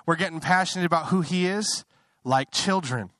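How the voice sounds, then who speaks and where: A man's voice: moderate pace, fairly bright tone, no echo. Young male pastor, conversational sermon delivery with impassioned climbs, dry recording. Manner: conversational, building to impassioned high-pitched fervor; self-interrupting, apologetic asides.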